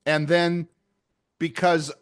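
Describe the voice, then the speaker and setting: A man's voice: on the high side, flat delivery, slow, clean tone. An older man co-hosting a podcast, chatty and often laughing. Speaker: podcast co-host. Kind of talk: casual chat.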